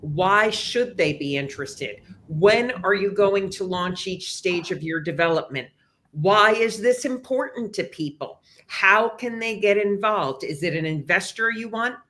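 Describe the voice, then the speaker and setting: A man speaking as a communications advisor on a panel, giving steady, list-like advice. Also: sits high, a little slow. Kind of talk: panel discussion.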